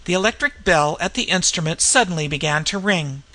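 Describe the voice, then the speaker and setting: A reader narrating a Victorian mystery story aloud in a measured, storytelling manner. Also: medium pitch, lively intonation, pushed and bright. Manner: measured storytelling with character voices. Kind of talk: audiobook narration.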